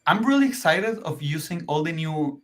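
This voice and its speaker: A man co-hosting a livestream, relaxed and quick with reactions. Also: on the high side, a little hiss or hum. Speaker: livestream co-host. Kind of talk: casual live chat.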